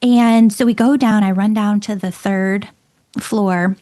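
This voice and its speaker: A middle-aged woman hosting her own show, telling a personal story in an emphatic, excitable way and often repeating words. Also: mid-range voice, slow pace. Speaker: podcast host and medium.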